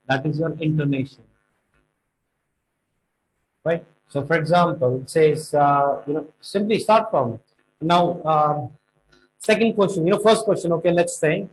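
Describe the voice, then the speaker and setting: A man's voice: fairly high pitch, slight background noise, poor audio. Emphatic tutor, man. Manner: emphatic, stresses key words, slows for points. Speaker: IELTS tutor. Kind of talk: teaching exam tips.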